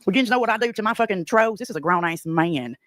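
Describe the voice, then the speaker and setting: A woman with a thick East Tennessee accent tears into a rival on a livestream, brash and profane. Her pitch swoops all over and she talks fast. The sound is dry and close. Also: lively intonation, fairly bright tone, no echo. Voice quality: brash, profane Southern drawl. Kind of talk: profane confrontational livestream rant.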